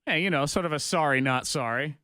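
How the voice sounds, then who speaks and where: A man's voice: on the high side, a little fast, sharp tone, clear, resonant tone, dry recording, studio quality. An American man hosting a morning radio show, teasing his co-hosts in playful banter.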